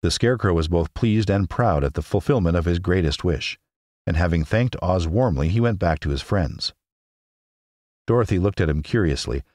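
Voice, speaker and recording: A man's voice: deep voice, normal speed, a little mellow, no room sound, clean studio sound. A man narrating a classic children's book as a podcast, reading expressively and doing character voices. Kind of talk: audiobook narration.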